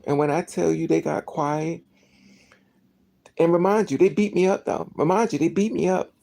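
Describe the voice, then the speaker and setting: A vlogger talking straight to the camera in a loose, rambling monologue, with a gravelly, fry-edged voice. The tone is dark and mellow, and the delivery keeps restarting sentences and slipping into acted-out dialogue. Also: medium pitch, normal speed. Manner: rambling, animated, acts out dialogue, many restarts. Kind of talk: casual storytelling monologue.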